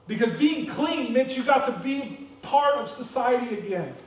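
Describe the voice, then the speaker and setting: High-voiced American preacher in an echoey church. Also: male voice, normal speed, few pauses. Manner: animated, repeats words when stressing a point. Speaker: pastor. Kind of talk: sermon. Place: church sanctuary. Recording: very echoey church, voice distant from the mic.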